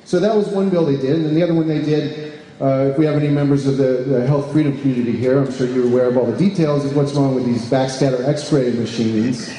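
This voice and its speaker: His voice is medium-pitched, steady and warm, moving at a quick pace as this advocacy group deputy director addresses a live audience. Fillers and restarts are frequent, as are questions thrown to the room, and the large echoey space adds roomy reverb over faint background noise.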